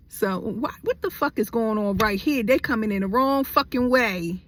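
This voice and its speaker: A woman's voice: fairly high pitch, normal speed, hardly any pauses, fairly bright tone. Blunt, cursing woman venting. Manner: blunt, heavy cursing, heated. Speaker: vlogger. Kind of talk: candid storytime vlog.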